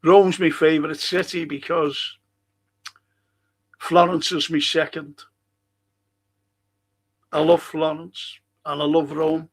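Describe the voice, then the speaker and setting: Older Scouse man hosting a fan podcast live. Rambling, swears a lot, voice sits slightly high. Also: little pitch movement, slow, long pauses. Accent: Liverpool (Scouse). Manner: rambling, swears freely, reads out chat comments. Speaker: podcast host. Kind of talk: casual live-stream chat.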